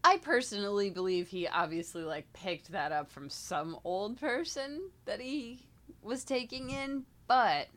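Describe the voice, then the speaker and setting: A woman co-hosts a casual podcast, talking unhurriedly with a lively, swooping pitch. She reacts expressively and swears freely. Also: measured pace. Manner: expressive, swears, exclaims with surprise. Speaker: podcast co-host. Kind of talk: casual chat.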